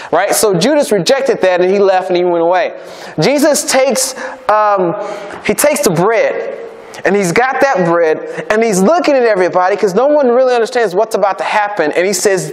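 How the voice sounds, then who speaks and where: A man's voice: sits high, brisk. A man preaching a casual, conversational sermon, chatty and always checking in with his listeners. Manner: chatty, keeps checking in with "right?". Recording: long reverb of a large hall.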